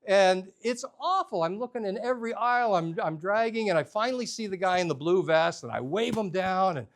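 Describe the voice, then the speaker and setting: Male storyteller, comic and self-mocking, with a bouncy, highly expressive delivery. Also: a little fast. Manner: animated, humorous, self-deprecating. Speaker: storyteller leading a workshop. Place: workshop room with a live audience.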